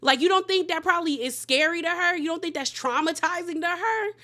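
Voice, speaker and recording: A woman hosting a reality TV recap, talking in a casual, animated and opinionated way with slangy, sassy asides. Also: very high-pitched, fairly quick. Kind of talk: casual gossip recap commentary.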